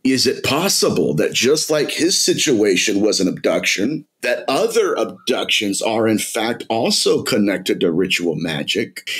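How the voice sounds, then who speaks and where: A man's voice: medium pitch, a bit bright, slightly rough. A middle-aged man, a podcast guest, telling an intense story in a dramatic way and calling the listener "my friend". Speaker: podcast guest, demonologist author. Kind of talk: storytelling in an interview.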